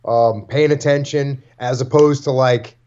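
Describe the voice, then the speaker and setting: A man in his forties, a podcast host, telling lively stories in casual chat and acting out what family members said. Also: mid-range voice, moderate pace. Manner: animated storyteller acting out family quotes. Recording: dull lo-fi sound.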